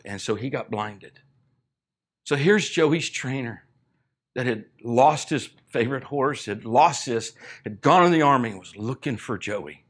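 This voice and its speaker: A middle-aged man preaching a sermon, retelling a story and acting out the characters' lines, building to loud, emphatic peaks. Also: medium pitch, slightly rough. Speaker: pastor.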